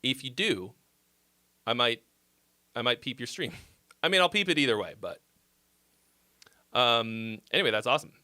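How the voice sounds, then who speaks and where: A man hosting a live stream, chatting casually with viewers in a rambling, profane, excitable way and answering their comments. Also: mid-range voice, normal speed, pauses often. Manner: reads viewer comments aloud and replies. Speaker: livestream host giving song critiques.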